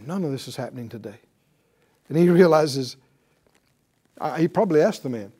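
A preacher teaches a sermon in a slightly high voice at a moderate pace, pausing often. He's animated, posing rhetorical questions and acting out the voices of the people in the story.

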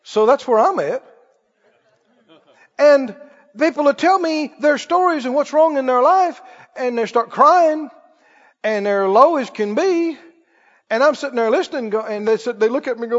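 A man's voice: extremely high pitch, lively intonation, moderate pace, pauses often. A man preaching a sermon, telling stories and asking the congregation rhetorical questions, and he laughs at himself as he talks. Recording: dull audio with long reverb in a hall.

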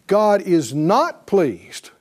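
A male pastor preaching a sermon, animated and calling on the congregation to answer back, often laughing. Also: sits high, extremely slow.

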